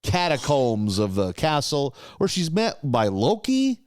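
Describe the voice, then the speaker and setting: Lässiger, fluchender Podcast-Mann. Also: male voice, on the high side, sing-song, measured pace, dry recording, studio quality. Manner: laid-back, swearing, recaps plot with lots of "yeah". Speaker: podcast co-host. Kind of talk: casual chat recapping episodes.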